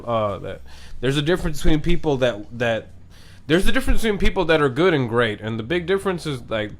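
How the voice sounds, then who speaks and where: A man hosting a podcast in a relaxed, slangy way, encouraging his guest and explaining things. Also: medium pitch. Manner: laid-back, encouraging, slangy. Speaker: podcast host. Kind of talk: casual chat.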